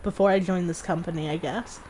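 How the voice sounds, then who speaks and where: A woman voicing a tired, shy young woman developer who speaks quietly and hesitantly. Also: fairly low pitch, fairly even intonation, a little fast, a little hiss or hum, pitched below the performer's own voice, close to an everyday voice.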